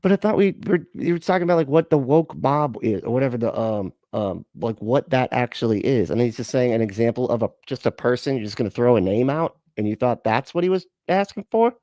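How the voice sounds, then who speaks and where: A man's voice: mid-range voice, animated, fairly quick, hardly any pauses, warm tone, no room sound, clean studio sound. A man hosting a casual reaction stream, rambling and profane, laughing often.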